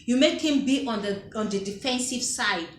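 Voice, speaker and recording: A woman's voice: fairly high pitch, moderate pace, a little hiss or hum. A woman giving relationship advice to camera in a casual, emphatic way, often repeating her phrases. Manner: emphatic, repeats phrases, acts out quoted dialogue. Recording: echoey room.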